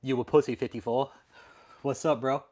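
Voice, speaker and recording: A man's voice: medium pitch, fairly even intonation, normal speed, warm tone. A man hosting a late-night livestream, ranting profanely and answering viewers in chat. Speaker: livestream host.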